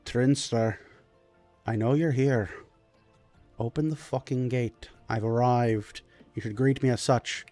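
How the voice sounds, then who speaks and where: A man doing a pompous booming dwarf lord. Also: steady tone, takes it slowly, long pauses, mellow, soft background music, close to an everyday voice. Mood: commanding. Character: proud commanding male dwarf lord, middle-aged.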